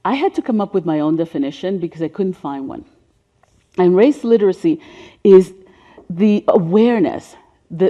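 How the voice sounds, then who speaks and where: A deep-voiced woman of about seventy presents a seminar on racial healing. She is soft-spoken and drops to a whisper on emotional points, and the audio sounds dull.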